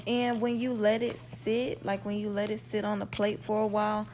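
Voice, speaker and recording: A woman's voice: mid-range voice, flat delivery, normal speed, a little mellow, a little hiss or hum. A young woman hosting a casual cooking tutorial, chatty and folksy, talking to her viewers as y'all. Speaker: cooking channel host.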